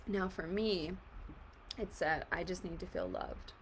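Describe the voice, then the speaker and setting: A woman coaching an emotional tapping exercise in a gentle, reassuring, casual way, often saying "like". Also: lowish voice, lively intonation, unhurried, slight background noise. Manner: casual, fills speech with "like". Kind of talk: guided tapping session.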